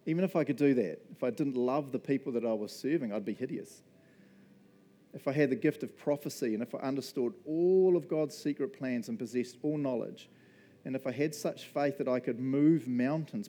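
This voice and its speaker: A man preaching a casual, conversational sermon as pastor, laughing often and making quick asides during a church service. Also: mid-range voice, warm tone.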